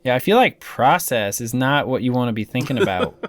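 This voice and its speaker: A man's voice: medium pitch, lively intonation, fairly quick. A man co-hosting a podcast in casual chat, dropping short, dry, teasing quips. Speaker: podcast co-host.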